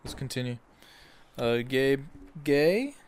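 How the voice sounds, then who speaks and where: A man's voice: mid-range voice, expressive, slow pace, a little mellow, clear, resonant tone. A man in a casual group chat who rambles, restarts his sentences and swears freely.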